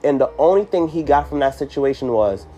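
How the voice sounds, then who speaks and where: A man's voice: mid-range voice, lively intonation, brisk, mellow, a little hiss or hum. A man hosting a podcast, telling a personal story in a casual, emphatic way, full of "you know" fillers. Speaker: podcast host.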